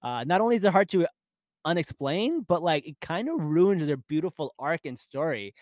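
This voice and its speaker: A man's voice: fairly high pitch, moderate pace, no room sound. Chatty man with a dry close sound. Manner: animated, laughs often, recaps episodes. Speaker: podcast co-host. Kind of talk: casual fan discussion.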